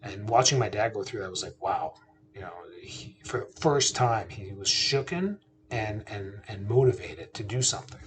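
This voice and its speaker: A man's voice: fairly low pitch, animated, moderate pace, crowd noise. A man, a chiropractor and podcast host, telling a family story in a casual, earnest, conversational way. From Canada. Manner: earnest, conversational, quotes himself and his father.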